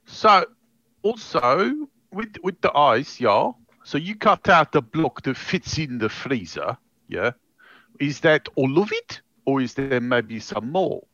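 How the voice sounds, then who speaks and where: A man's voice: mid-range voice, sing-song, unhurried, a bit bright, no room sound, dull audio. A man playing a tabletop character in a put-on South African accent, drawling and wheedling. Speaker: tabletop role-player. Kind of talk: in-character tabletop role-play.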